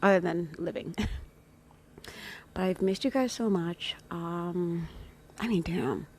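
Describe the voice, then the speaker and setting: A woman's voice: on the low side, slow, pauses often, darkish tone, a little hiss or hum. A woman talking casually to her followers, chatty and rambling, often dropping into whispered asides. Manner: chatty and rambling, with playful greetings. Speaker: vlogger.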